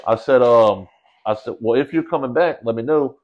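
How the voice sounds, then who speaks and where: A man telling a story in casual podcast chat, animated and slangy, calling people bro and dude. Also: medium pitch, normal speed, highs cut off.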